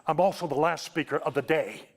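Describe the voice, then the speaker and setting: A man preaching a storytelling sermon, giving an emotional testimony that slows to a hush at its tender points. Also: fairly high pitch. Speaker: Baptist preacher.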